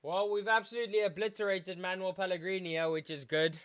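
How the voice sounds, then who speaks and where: A tired young man from South Africa giving excitable live commentary while streaming a football match as a fan. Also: high voice, fast talker, clean tone. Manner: excitable fan, shouting at big moments, chanting. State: tired, yawning. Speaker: watchalong streamer.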